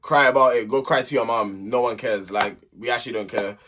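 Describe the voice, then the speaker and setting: Ranting man, bright voice. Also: medium pitch, steady tone, a little fast, slight background noise. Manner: exasperated, ranting, blunt. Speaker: host of a reality TV recap channel. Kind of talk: casual opinionated recap commentary.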